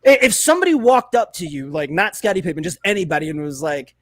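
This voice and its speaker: A man's voice: fairly high pitch, big pitch swings, quick pace, no echo. A man co-hosting a sports and beer podcast, ranting in casual profane banter and acting out mock quotes. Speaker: podcast co-host.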